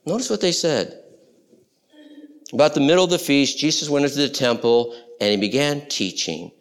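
A man preaching a sermon as pastor, animated, swinging between loud exclamations and hushed asides. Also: mid-range voice, normal speed, clean tone.

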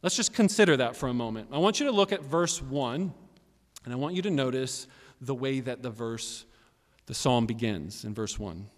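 A male pastor preaching a sermon, swinging from quiet, low remarks to loud, emphatic bursts of praise. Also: lively intonation, moderate pace, big-room sound.

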